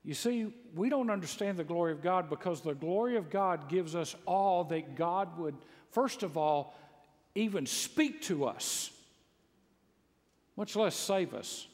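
A pastor from Mississippi preaches in a high voice, spinning folksy, funny stories that swell into loud exclaims. His words ring out with a long reverb, as in a large church sanctuary. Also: lively intonation, a little slow. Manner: folksy storytelling with humor, builds to loud exclaims. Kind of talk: sermon. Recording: long echo of a large hall.

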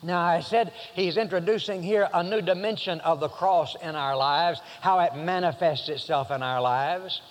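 Male preacher, high pitch, rambling then emphatic, long hall reverb. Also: normal speed, few pauses. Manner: rambling, many fillers and restarts, rising to emphatic passages. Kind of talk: sermon.

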